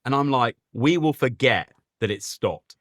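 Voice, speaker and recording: Southern english guy rambling on a podcast, bouncy pitch, dry close sound. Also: lively intonation, measured pace, fairly bright tone, dry recording. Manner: rambling, restarts sentences often. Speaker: podcast co-host. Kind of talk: casual chat.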